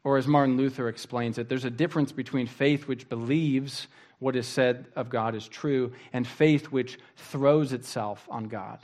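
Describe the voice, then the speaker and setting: A man preaching a sermon in a thoughtful, earnest way, often restarting phrases and dropping to a hushed tone for quotations. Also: mid-range voice, fairly even intonation, normal speed. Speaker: pastor.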